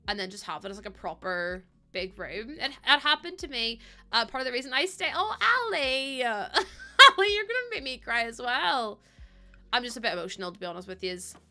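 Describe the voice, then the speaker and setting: A woman streamer chatting casually with her live chat, excitable and talkative, laughing often. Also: medium pitch.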